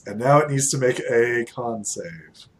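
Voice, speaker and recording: Guy running a d&d game, slow and loose, lots of laughing and "like"s. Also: mid-range voice, expressive. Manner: laughing often, many fillers. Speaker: game master. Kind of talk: narrating a tabletop game.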